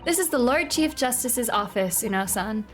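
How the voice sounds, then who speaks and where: Woman reading a polite, composed young assistant, formal and calm, fairly high voice, soft game music behind. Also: moderate pace, lightly acted.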